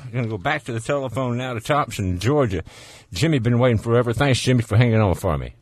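A man with a Southern US accent hosting a call-in radio show, folksy and quick to laugh. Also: mid-range voice, expressive, no echo. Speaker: radio talk show host. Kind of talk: casual call-in chat. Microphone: studio microphone.

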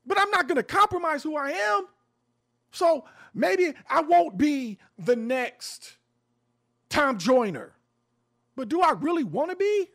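A man with a strikingly high, gravelly voice hosts a radio talk show. He delivers heated opinions in a blunt, profane style. His pitch swings in a lively way as he presses each point. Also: a little slow. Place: home in the Arizona desert.

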